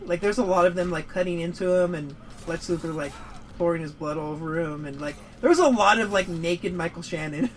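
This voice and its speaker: A man's voice: fairly high pitch, a little fast, slight background noise, rough recording. A man giving casual gaming commentary, rambling and swearing as he rants about a movie. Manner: rambling, profane, prone to heated rants. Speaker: gaming show co-host.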